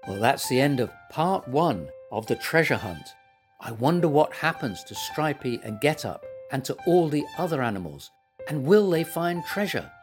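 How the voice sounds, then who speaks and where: A man reading a children's story aloud as its storyteller, gentle and expressive. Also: mid-range voice, moderate pace, soft background music.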